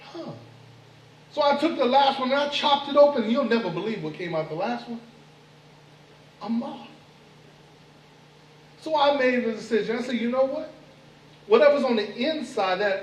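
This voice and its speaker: A man's voice: very high-pitched, slight background noise, voice pushed up. A man voicing a sly male trickster spider in a told folk tale, with a drawling, exaggerated delivery. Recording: echoey room, mic far off.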